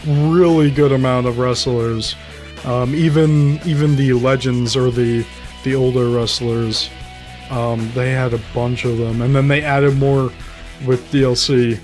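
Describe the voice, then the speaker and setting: A man's voice: medium pitch, steady tone, slow, a little mellow, soft background music. A man co-hosting a podcast in casual chat, offhand and wry. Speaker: podcast co-host.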